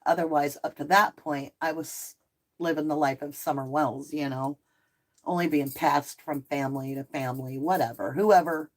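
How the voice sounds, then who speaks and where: In a low voice at a normal pace, a middle-aged woman hosts an easygoing live chat, working through comments from her viewers. She's from the Southern United States, speaks with a Southern-Northern American mix, and is chatty, animated, and quick to laugh.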